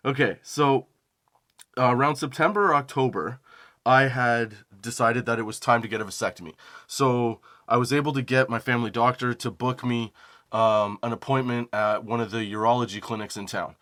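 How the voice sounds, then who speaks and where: A young man hosts a comedy podcast, telling a personal story in a rambling, profane way. His voice sits at an average pitch. He laughs at his own lines and gets louder and higher when acting out the phone calls. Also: moderate pace. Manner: animated quoting of phone calls. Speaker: podcast host.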